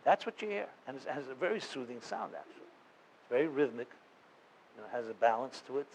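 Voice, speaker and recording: Rabbi, male, mid-pitched voice; earnest storyteller addressing a room, chatty, many restarts, faint hiss. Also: animated, quick pace, rough recording. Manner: earnest, conversational, full of fillers and restarts. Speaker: rabbi and guest speaker. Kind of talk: storytelling talk to a live audience.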